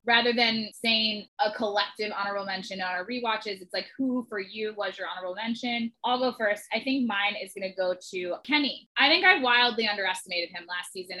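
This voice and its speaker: A woman's voice: medium pitch, pushed and bright, rough recording. A woman hosting a casual podcast chat, often laughing as she tells stories. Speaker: podcast host.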